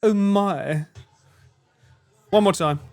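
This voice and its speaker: A man's voice: high voice, drawn-out words, darkish tone. A man streaming live, chatting casually with his viewers, swearing freely, laughing and bantering.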